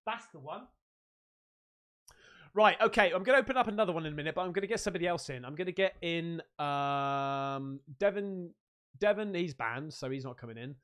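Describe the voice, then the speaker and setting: A man's voice: high voice, fairly bright tone. Male host, cheeky banter, chatty and informal. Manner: jokey, laughing, calls everyone mate. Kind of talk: casual chat.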